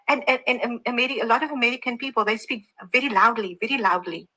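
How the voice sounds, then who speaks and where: A South African woman telling an animated story in a casual live-stream chat. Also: fairly high pitch, fast, poor audio. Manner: animated anecdote teller.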